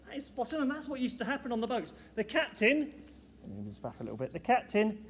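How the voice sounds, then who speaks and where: A man's voice: very high-pitched, wildly swooping pitch, fast talker, far from the mic. A man, a primary school teacher, leading a music assembly with upbeat encouragement for the children. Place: school hall, indoors. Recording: echoey hall with background noise.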